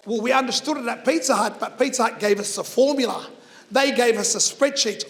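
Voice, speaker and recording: A man, giving an earnest, emphatic motivational talk to students. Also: very high-pitched. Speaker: motivational speaker.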